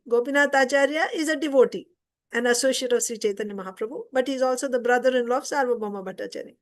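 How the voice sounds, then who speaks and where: A woman teaching an informal scripture class, retelling a story conversationally and stopping to explain. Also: sits high.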